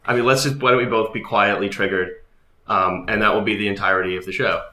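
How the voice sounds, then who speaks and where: A man's voice: fairly low pitch, steady tone, fast talker, bright, forceful tone, roomy sound. A Canadian man in his thirties with a Canadian accent, chatting as a podcast guest in a dry, self-deprecating way. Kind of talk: casual interview chat.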